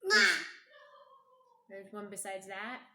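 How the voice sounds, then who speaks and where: A hoarse, strained woman, a mother gently telling family stories to her child at home, unhurried and humming as she thinks. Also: medium pitch, big pitch swings. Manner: gentle, unhurried, thinking aloud with hums and pauses. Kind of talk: casual storytelling to her child. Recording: echoey room with clear background noise.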